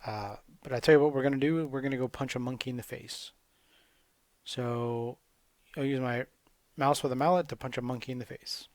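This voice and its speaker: A man's voice: mid-range voice, steady tone, a little fast, darkish tone, no echo. A man casually commentating his gameplay with wry, sarcastic asides. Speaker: gamer commentating a speedrun.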